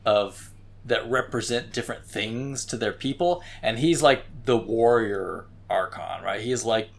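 A man's voice: fairly low pitch, measured pace, gravelly. A man co-hosting a casual gaming chat, rambling through explanations and tagging his points with "right?". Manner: rambling, frequent "right?" tags.

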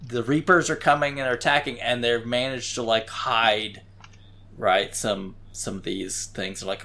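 A man in a loose, casual gaming conversation, explaining things at length. He wanders from thought to thought and keeps checking in with "right?" His voice sits at an ordinary middle pitch. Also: steady tone, moderate pace, gravelly, pushed and bright. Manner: rambling, frequent "right?" tags.

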